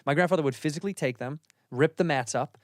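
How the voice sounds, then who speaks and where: A man's voice: fairly high pitch, fast talker, no echo, clean studio sound. A man, a comedian hosting a podcast, chatting casually in a loose, profane way and acting out the voices of people he describes. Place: podcast studio. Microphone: studio mic.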